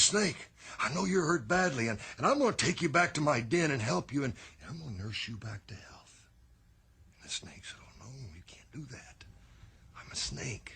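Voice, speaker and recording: Older man, bright husky dramatic storyteller. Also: mid-range voice. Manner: drawling, dramatic storyteller dropping to whispers. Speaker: podcast host, former wrestler. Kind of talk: storytelling wrestling promo. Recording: archive promo clip.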